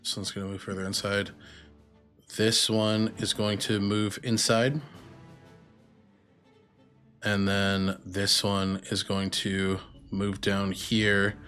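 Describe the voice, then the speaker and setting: A man running a tabletop game as game master, narrating rules and moves in an unhurried, casual way. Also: fairly low pitch, monotone, a bit bright, faint music behind.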